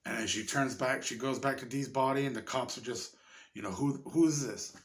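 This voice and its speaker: A man reviewing a horror movie in a casual, rambling way, swearing often and getting excited. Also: medium pitch, a little fast, over music. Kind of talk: casual chat.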